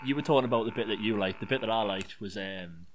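A man's voice: fairly low pitch, quick pace, background noise. A man casually recapping a wrestling show as a podcast co-host, swearing and laughing as he tells it. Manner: swearing, laughing, animated storyteller.

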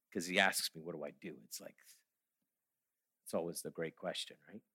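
A man's voice: sits low, steady tone, measured pace, pushed and bright, breathy edge. A middle-aged man giving a sermon, telling stories and then rising to emphatic preaching. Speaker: guest speaker.

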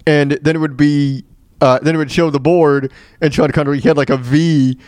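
A man's voice: on the high side, fairly even intonation, moderate pace, darkish tone, no echo, studio quality. A man hosting a radio show, telling stories in a rambling, casual way with many fillers and restarts. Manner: laughs at his own retold jokes. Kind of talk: casual storytelling monologue.

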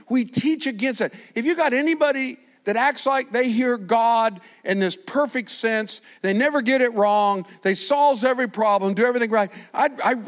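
An older man, a pastor, preaching a sermon with animated storytelling and frequent restarts. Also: very high-pitched.

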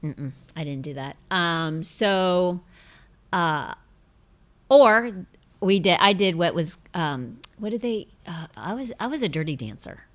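This middle-aged host takes things slowly but stays animated, chatting in a bubbly, casual manner. Her stories ramble and poke fun at herself, punctuated by high laughing fits.

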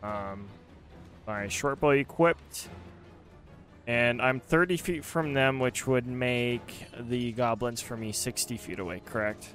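A man's voice: mid-range voice, takes it slowly, a bit bright, soft background music. A man playing a tabletop game, asking hesitant questions with fillers. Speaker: player. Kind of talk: casual tabletop play.

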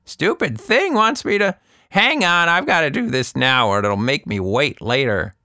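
A man putting on a shrill, cranky old woman. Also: expressive, a little slow, bright, forceful tone, no echo, studio quality. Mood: furious. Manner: high, strained, shrill in anger. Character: older woman, cranky, hooked on a phone game.

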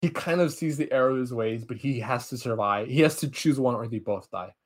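A man hosting a podcast, casually retelling a film plot in an excitable, rambling way, full of restarts and fillers. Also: medium pitch, a little fast. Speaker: podcast host.

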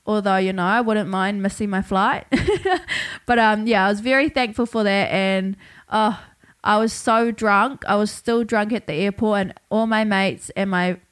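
Speaking a little slowly in a clean, mid-range voice, a young New Zealand woman tells a story on her own podcast. She's casual and chatty, laughing a lot and swearing freely.

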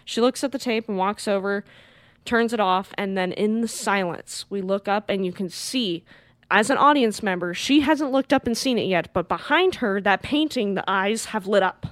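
A woman co-hosting a podcast, retelling a movie in lively casual chat and acting out the characters. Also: mid-range voice, moderate pace, no room sound. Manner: animated retelling, acts out characters, swears freely. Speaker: podcast co-host. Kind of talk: casual film recap.

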